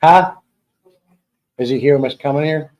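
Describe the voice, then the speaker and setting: A man's voice: mid-range voice, lively intonation, moderate pace, rough recording. Rambling, jokey man hosting a live stream. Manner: rambling and jokey, answering chat and people at home. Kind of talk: casual live-stream chat. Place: home.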